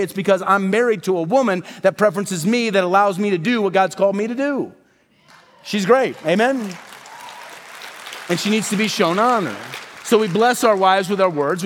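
A man's voice: high-pitched, long reverb tail. A man preaching a sermon as pastor, addressing the congregation directly and repeating key phrases for emphasis. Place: worship center.

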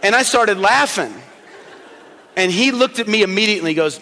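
A middle-aged male pastor preaching a sermon, telling personal stories, shifting between quiet slow passages and loud emphatic ones. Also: high voice, expressive, some chatter behind, slight background noise. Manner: storytelling, swings from soft and slow to loud and emphatic. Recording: long hall reverb.

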